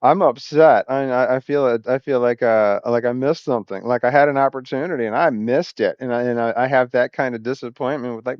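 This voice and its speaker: A man's voice: medium pitch, fairly quick, few pauses, clean tone, dry recording, dull audio. Swearing, rambling man on a vlog. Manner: scattered, loses his thread, swears often. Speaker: vlogger. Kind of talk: rambling personal monologue.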